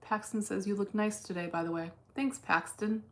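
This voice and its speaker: Woman streamer reading chat, blunt and deadpan, swears a lot, average pitch. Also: moderate pace. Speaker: livestream host reading chat while day trading. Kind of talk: casual livestream chat.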